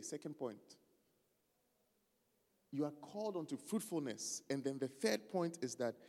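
A man preaching a lively sermon, loose and joking, often stopping to find his place in the text. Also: fairly high pitch, big-room sound. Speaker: pastor.

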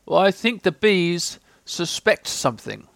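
A gentle, simple-minded storybook bear, as a man puts him on, talking slowly and earnestly with a lightly gravelly edge and a slightly raised voice. Each thought is weighed with ponderous care. The sound is close and dry. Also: high voice, sing-song, dry recording, pitched above the performer's own voice, heavily acted.

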